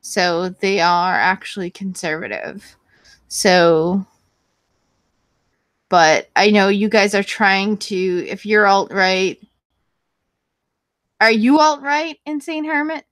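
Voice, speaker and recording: A woman's voice: medium pitch, takes it slowly, long pauses, a bit bright, dry recording. Woman, casual vlog chat, rambling, blunt, profane, lots of fillers, dry room. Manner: frequent fillers and self-corrections. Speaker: YouTube channel host. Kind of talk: casual chat answering viewers.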